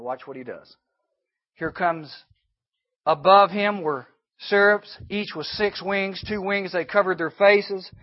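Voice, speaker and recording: A man with a fairly high voice preaches to a room of junior high students. He keeps the talk lively with rhetorical questions and slips into quiet asides. The recording is dull and lo-fi. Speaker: youth speaker.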